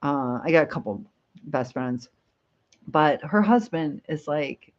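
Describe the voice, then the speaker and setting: A woman's voice: low-pitched, expressive, slow, highs cut off. A woman hosting a casual live stream, chatting and reading viewer comments aloud with frequent laughs.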